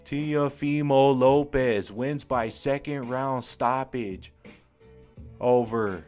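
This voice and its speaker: A young man doing live fan commentary on a boxing match, excited and slangy, full of exclamations. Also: medium pitch.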